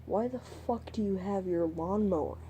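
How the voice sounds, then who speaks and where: A young man tells a story to camera in a loose, meandering vlog style. His voice is soft and mellow, and his talk is crude and full of swearing. He keeps drifting off topic and dropping mumbled, whispered asides. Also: high voice, normal speed, a little hiss or hum. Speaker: vlogger. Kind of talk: rambling storytime monologue.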